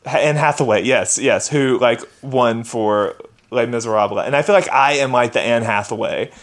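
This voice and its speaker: A man chats as a podcast guest at an ordinary pitch, gossipy and loose, padding his thoughts with fillers. His tone stays conversational and easy. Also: normal speed. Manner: chatty, gossipy, full of fillers. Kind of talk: casual chat.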